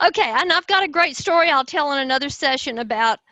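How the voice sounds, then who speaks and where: An enthusiastic, expressive woman with a Southern US accent, explaining personality styles in conversation. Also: high voice, fast, a little hiss or hum, low-quality recording. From Southern United States. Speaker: host, personality-type teacher.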